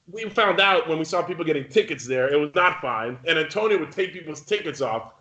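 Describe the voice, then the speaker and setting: A man's voice: fairly high pitch, animated, fast, few pauses, a bit bright, echoey room, highs cut off. A young man co-hosting a podcast, telling a long story casually, swearing a lot and acting out the people in it. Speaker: podcast co-host.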